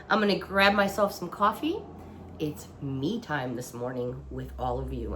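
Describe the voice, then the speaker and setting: A woman's voice: mid-range voice, a bit bright. A woman chatting casually as she shows off a shopping haul from her couch at home, still getting over being under the weather. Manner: chatty, gushing exclamations. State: recovering from feeling under the weather. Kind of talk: casual chat. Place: living room couch at home.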